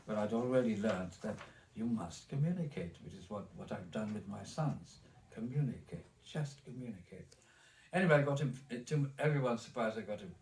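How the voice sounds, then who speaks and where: A man's voice: lowish voice, expressive, normal speed, darkish tone, distant mic, slight background noise. Rambling elderly man with a German accent. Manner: rambling, with many restarts and repeated words. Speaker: interviewee telling his life story. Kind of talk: recorded oral history interview. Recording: echoey room, off mic.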